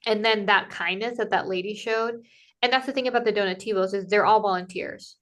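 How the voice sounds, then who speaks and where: A woman tells a story in easy, casual conversation at a mid-range pitch. She is animated and jumps into the voices of the people she quotes, with plenty of "like" between her phrases. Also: fairly quick. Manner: animated, acts out quoted dialogue, many "like" fillers. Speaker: podcast guest, Camino pilgrim.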